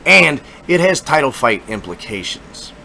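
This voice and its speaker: A man hosting a casual fight-prediction talk, profane, excitable and rambling with lots of repetition. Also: medium pitch, a little slow, creaky, a little hiss or hum. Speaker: MMA fight predictions host.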